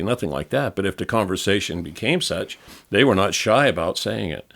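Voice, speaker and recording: Low, gravelly man telling travel stories. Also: animated, fairly quick. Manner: rambling storyteller, restarts and self-corrections. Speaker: podcast co-host back from travel. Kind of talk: casual chat. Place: studio.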